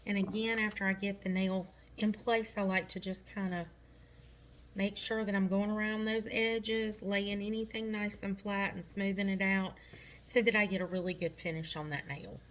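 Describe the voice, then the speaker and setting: A woman's voice: mid-range voice, level tone, moderate pace, slight background noise. A middle-aged woman talking through a nail tutorial step by step, chatty and reassuring.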